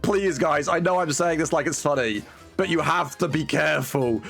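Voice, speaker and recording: A man's voice: a little high, normal speed, creaky, fairly bright tone, faint music behind. A man streaming a game, chatting casually in a rambling, joking way and swearing often. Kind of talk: casual gameplay chat.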